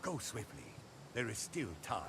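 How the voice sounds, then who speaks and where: An actor voicing a solemn, proud male talking wolf in a video game, with grave, measured delivery. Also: mid-range voice, big pitch swings, vocal fry. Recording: game audio with background noise.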